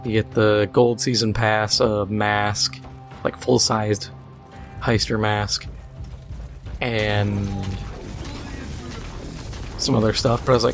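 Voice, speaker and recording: A man's voice: on the low side, level tone, takes it slowly, pauses often, faint music behind. Sarcastic man ranting over gameplay. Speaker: gaming video host. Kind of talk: casual gaming commentary while playing.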